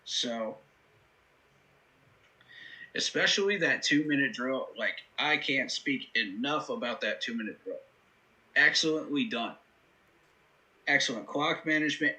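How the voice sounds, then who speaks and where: A man's voice: mid-range voice, bright, forceful tone, poor audio. A man hosting a live football reaction stream, talking through the game in an earnest, analytical way with many fillers. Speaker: host.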